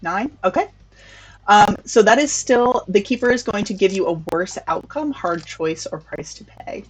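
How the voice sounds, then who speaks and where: A woman narrating as game master of a tabletop role-playing game, in a relaxed, casual way. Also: medium pitch, normal speed, a little hiss or hum, low-quality recording.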